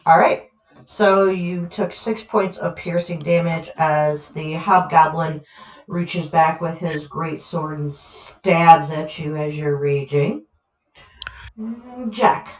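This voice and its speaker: A woman runs a tabletop game at an unhurried pace, relaxed and filling pauses with ums. Her voice sounds roomy and a little dull, like online call audio. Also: low-pitched. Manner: relaxed, hesitant with many fillers. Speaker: game master.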